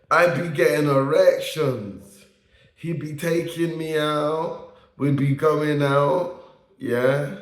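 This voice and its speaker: Slow-talking man in an echoey room. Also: fairly high pitch. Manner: repeats lines for emphasis, tags phrases with "yeah?". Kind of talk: casual storytelling monologue.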